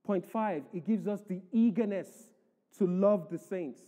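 A male pastor delivers a sermon, reading scripture aloud and driving each point home with emphasis. His voice is high-pitched but mellow and dark, a little slow, and a long church-hall echo surrounds it.

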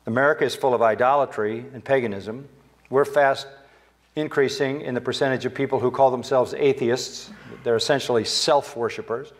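An older man preaching a sermon in a church sanctuary, with emphatic delivery that climbs higher when he quotes Scripture. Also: steady tone, moderate pace. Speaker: pastor.

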